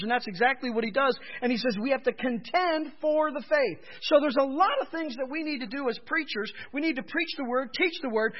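A man's voice: brisk, few pauses. A male pastor preaching a sermon, emphatic, often raising his voice to drive points home. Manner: emphatic, rising in pitch and volume for stress. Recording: dull lo-fi sermon recording.

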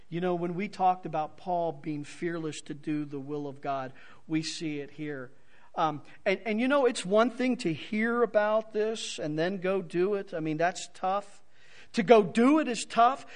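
A man preaching an expository sermon, swinging from soft to loud for emphasis. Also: high-pitched, a little slow. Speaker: pastor.

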